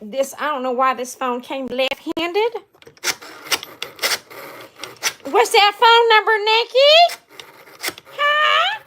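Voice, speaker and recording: A woman playing a sassy, exasperated woman calling for air-conditioning help in a comedic phone-call skit, with brassy shouting bursts. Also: very high-pitched, takes it slowly, background noise. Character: sassy loud woman calling about broken AC.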